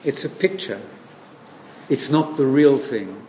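Male preacher, mid-pitched, slow deliberate sermon delivery, recorded in a reverberant hall. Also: big pitch swings, mellow. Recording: echoey hall with long reverb, faint noise.

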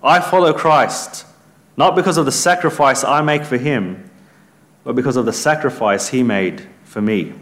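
A man's voice: medium pitch, normal speed, a bit bright. A man preaching a sermon in an earnest, emphatic way, lifting his voice when he quotes scripture.

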